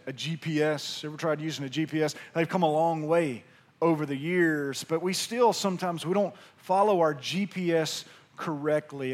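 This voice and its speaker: A man with a Mississippi Southern accent preaching a sermon in a folksy, humorous storytelling way. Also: fairly high pitch. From Pearl, Mississippi. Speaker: pastor.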